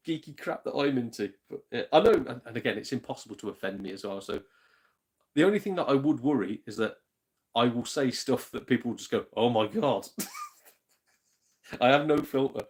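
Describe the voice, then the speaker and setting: A man chatting casually on a live stream, rambling, laughing often and greeting viewers. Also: medium pitch. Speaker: YouTube gaming channel host.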